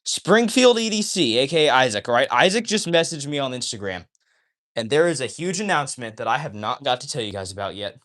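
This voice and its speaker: A livestream host with a mid-range voice talks briskly during a casual stream while flipping a balisong. He gets excitable and keeps tagging his sentences with "all right?".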